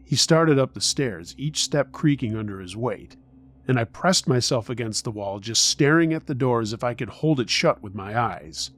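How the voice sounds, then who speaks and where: A man narrating a first-person horror story in a measured, tense storytelling manner. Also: mid-range voice, lively intonation, a bit bright.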